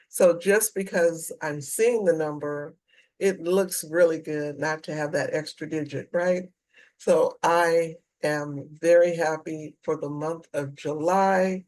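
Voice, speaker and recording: A middle-aged woman vlogging in a casual, earnest way to her viewers, reading out dollar figures slowly and carefully. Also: low voice, a little mellow, poor audio. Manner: slow, deliberate, earnest, reads figures out carefully. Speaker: personal finance vlogger. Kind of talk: casual talk to camera about debt payoff.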